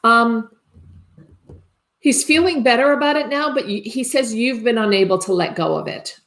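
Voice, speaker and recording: A woman's voice: on the high side, normal speed, creaky, a bit bright. Tentative woman giving a psychic reading. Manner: tentative, often checking for confirmation. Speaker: psychic medium. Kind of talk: live psychic reading on a stream.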